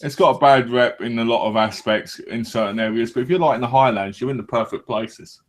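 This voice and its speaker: An English man hosting a relaxed podcast, talking in loose, joking banter. He rambles, restarts his sentences and swears now and then. His voice sits at an ordinary middle pitch. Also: brisk. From England. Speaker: podcast host. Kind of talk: casual banter.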